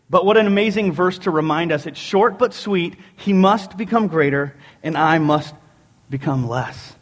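A man delivers a sermon, his voice sitting a little high. He tells jokes and family stories in an animated, self-mocking way. His words ring out with a long reverb in a church sanctuary. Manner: animated, joking storyteller. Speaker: preacher.

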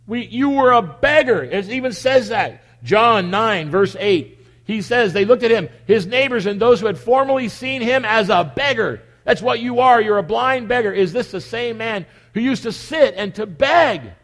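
At the communion table, a pastor delivers a conversational sermon packed with repeated rhetorical questions. His voice is high-pitched, animated, a bit bright, and moves at a normal speed. The church recording carries the long echo of a big hall.

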